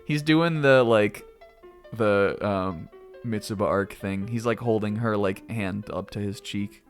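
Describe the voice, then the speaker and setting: A man's voice: on the low side, unhurried, faint music behind. A man streaming a game, giving casual commentary with lots of laughter, jokes and swearing. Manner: laughing, joking, swears freely. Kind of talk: casual let's-play commentary.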